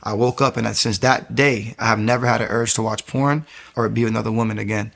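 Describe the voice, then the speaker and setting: A man giving an emotional personal testimony as an interview guest, telling his story quickly and acting out what people said. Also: fairly low pitch, vocal fry. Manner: fast, animated storytelling, acting out quotes.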